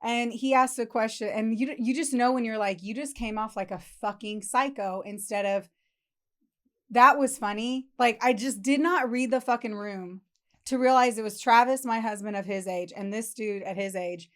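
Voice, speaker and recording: Woman podcast co-host, fairly high voice, profane and animated. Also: moderate pace. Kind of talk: casual podcast chat.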